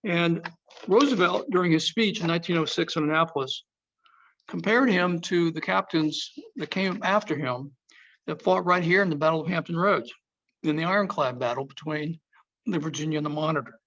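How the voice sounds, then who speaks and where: Man giving a lively history talk. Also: on the high side, moderate pace. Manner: storytelling, emphatic, quotes historical figures. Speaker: museum speaker. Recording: dull lo-fi sound.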